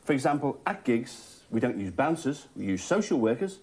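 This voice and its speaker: A man's voice: medium pitch, big pitch swings, normal speed, darkish tone. A man doing a sardonic stand-up comedy monologue, chuckling at his own jokes. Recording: noisy recording, laughter behind.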